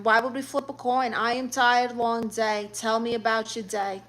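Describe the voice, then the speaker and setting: A woman's voice: a little high, flat delivery, takes it slowly, pauses often. A woman hosting a casual livestream, reading out viewer comments in a playful way with sudden gasps and squeals. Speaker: livestream host.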